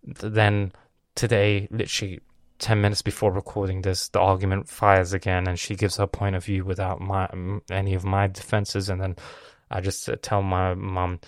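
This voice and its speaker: A young man hosting a podcast, telling a story in an animated, sweary, self-mocking way. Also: deep voice, normal speed, no echo, studio quality. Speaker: podcast host. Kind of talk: casual storytelling monologue.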